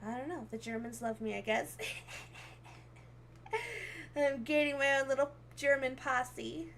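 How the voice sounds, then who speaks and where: A woman's voice: high-pitched, steady tone, measured pace, fairly bright tone, slight background noise. A young woman streaming as a VTuber, chatting casually and giggling often as she reads comments aloud. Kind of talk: casual livestream chat, reading comments.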